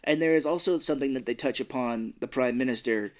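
A man's voice: medium pitch, quick pace. An American man co-hosting a podcast, casually retelling a film's plot in a loose, rambling way. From United States. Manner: rambling retelling of scenes with quoted voices. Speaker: podcast co-host. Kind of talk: casual movie recap chat.

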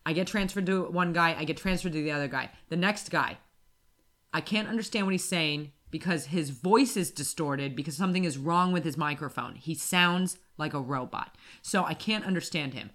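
A woman co-hosting a casual podcast, telling a story in an animated ranting way and acting out her own shouting. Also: sits low, moderate pace. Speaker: podcast co-host. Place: apartment in Wimbledon.

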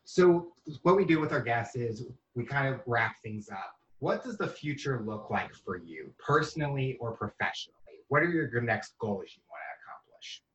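A man's voice: mid-range voice, very animated, normal speed, few pauses, a bit bright, recorded from a distance, highs cut off. A man hosting an interview, reflecting on and summing up what his guest has said. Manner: reflective, sums up the guest's point. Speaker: interview host. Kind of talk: casual interview.

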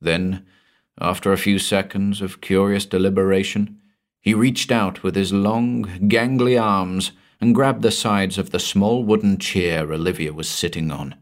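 A man reading a scripted horror story aloud in a measured, dramatic way, dropping to a hush at the ends of phrases. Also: sits low, steady tone. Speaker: narrator.

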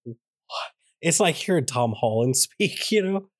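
A man's voice: on the high side, lively intonation, moderate pace, no echo, studio quality. A man co-hosting a casual movie review podcast, playful and emphatic, repeating phrases to build up jokes. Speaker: podcast co-host.

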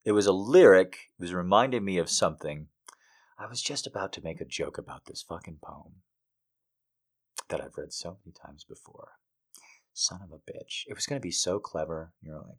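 A man's voice: sits low, big pitch swings, normal speed, long pauses, a bit bright. A man hosting a podcast, reading poetry and then chatting casually, often rambling off track with swearing asides. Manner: rambling, easily sidetracked. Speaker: podcast host.

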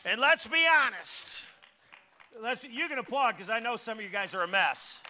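A high, very bright and forceful male voice delivering a sermon. He tells stories with comic timing, jumping from loud exclamations down to mumbled asides. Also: normal speed, a faint crowd. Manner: animated, jokey, swings between shouting and muttering asides. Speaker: pastor. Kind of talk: storytelling sermon.

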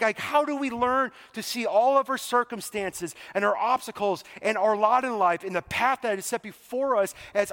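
A man preaching a sermon in a casual, animated way, acting out the scenes he retells. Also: very high voice, big-room sound. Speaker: pastor.

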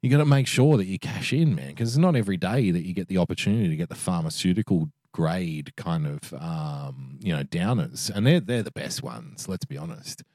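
A man's voice: low-pitched, lively intonation, a little fast, few pauses, a little mellow, no echo, clean studio sound. A man bantering crudely and joking on a casual podcast. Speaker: podcast co-host. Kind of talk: casual chat.

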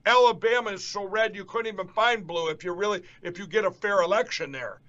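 A man's voice: high voice, fairly quick, a bit bright. A man hosting a political interview show, talking emphatically and repeating himself to rally his listeners. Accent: Upper Midwest American. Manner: emphatic, repetitive, rallying the audience. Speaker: show host. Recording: dull lo-fi audio.

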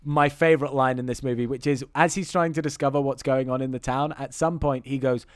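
A man's voice: mid-range voice, fairly quick, smooth. A man recapping a film in casual podcast chat, acting out lines in put-on voices and laughing often. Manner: animated retelling with mimicked voices and laughter. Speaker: podcast co-host.

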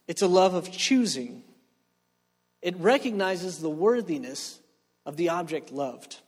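A man preaching a joking sermon, talking with the room and asking for reactions. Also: fairly high pitch. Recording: long hall reverb.

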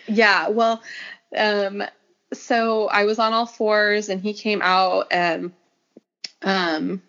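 A woman's voice: medium pitch, level tone, very slow, fairly bright tone. Chatty young woman on a podcast. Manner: chatty storytelling, many fillers. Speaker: podcast guest. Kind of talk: casual interview. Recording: slightly dull lo-fi audio.

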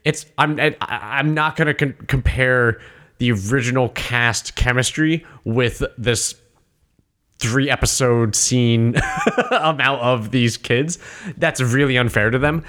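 Emphatic man in halting chat. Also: mid-range voice, fairly bright tone. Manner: halting, restarts often, emphatic. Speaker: podcast co-host. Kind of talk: casual chat.

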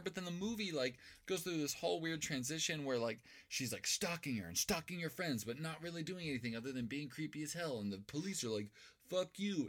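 A man's voice: mid-range voice, a bit bright. A man co-hosting a casual podcast, recapping a movie plot in a rambling, profane way. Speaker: podcast co-host.

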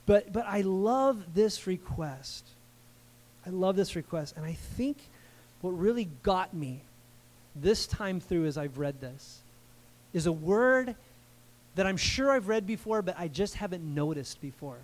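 A man preaching a sermon in an animated, conversational way, with frequent asides to the congregation. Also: high-pitched, measured pace. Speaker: pastor.

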